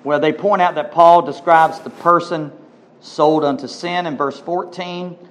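Male pastor, fairly high voice, emphatic and animated, reads scripture and comments to the congregation. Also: measured pace. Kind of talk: sermon with scripture reading.

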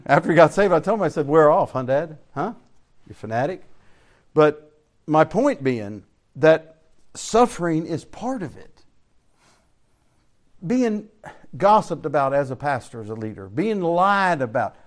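A man's voice: fairly high pitch, big pitch swings, measured pace, long pauses. An older man from Central Florida, teaching a Bible class in a preaching style, telling folksy stories, asking rhetorical questions and chuckling often.

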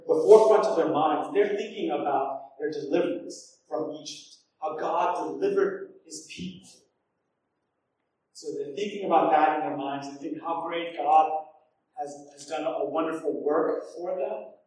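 A man delivers a sermon in a lively, animated way, sometimes acting out voices. His voice sits a little high. It is picked up from a distance in a very echoey room with faint background noise. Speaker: preacher.

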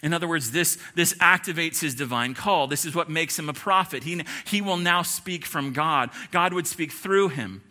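A pastor delivering a sermon, preaching emphatically with repeated lists and rhetorical questions. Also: male voice, fairly high pitch, normal speed, few pauses, sharp tone.

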